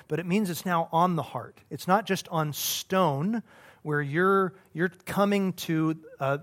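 Here a man who is a pastor guides a Bible study with earnest, conversational talk that stops and restarts many times. His pitch is slightly high.

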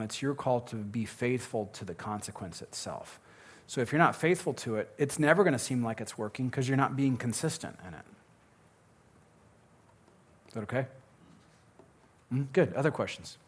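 At a live Q&A session, a man with a medium-pitched voice talks conversationally and cracks jokes, frequently starting his sentences over.

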